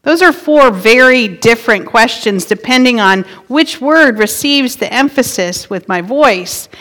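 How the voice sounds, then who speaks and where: A woman's voice: fairly high pitch, animated, a little slow, a bit bright. A woman pastor giving a sermon in a conversational way, playing with word emphasis. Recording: long hall reverb.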